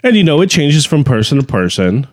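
A man's voice: mid-range voice, big pitch swings, fairly quick, dry recording. A man co-hosting a podcast in casual chat, blunt and laid-back, with lots of "you know" fillers. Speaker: podcast co-host.

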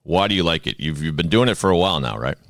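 Chatty podcast host, dry mic. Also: male voice, low-pitched, expressive, quick pace, fairly bright tone, no room sound. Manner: chatty, jokey, showman-like openings. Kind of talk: casual interview chat.

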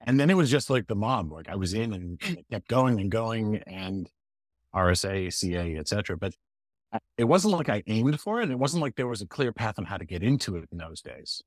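A man in his fifties from Canada talks fast and a little low, teasing himself as a podcast guest. The recording is dry and close, with no room sound. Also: very animated, no room sound. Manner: quick, joking, self-deprecating. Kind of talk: casual podcast conversation.

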